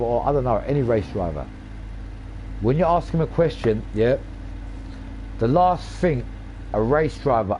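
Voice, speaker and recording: A man's voice: mid-range voice, warm tone, a little hiss or hum. Swearing man ranting over gameplay. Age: 40s. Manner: swears a lot, rants emphatically with repeated phrases. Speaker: gaming channel host. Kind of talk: casual rambling commentary over gameplay.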